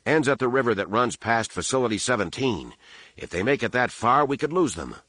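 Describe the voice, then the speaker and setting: A man voicing a brisk, practical male security chief who speaks in a matter-of-fact, businesslike way. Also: medium pitch, big pitch swings, a bit bright, dry recording.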